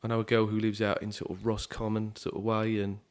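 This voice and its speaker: A man's voice: fairly low pitch, monotone, a little fast, smooth. A young man from southeast England, a musician guest chatting casually in a podcast interview, easygoing and rambling with lots of fillers.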